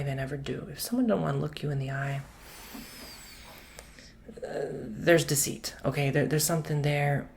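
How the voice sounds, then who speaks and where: A man giving a soft-spoken ASMR tarot and coffee cup reading, chatty and rambling, with casual slang and whispered asides. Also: mid-range voice, slight background noise.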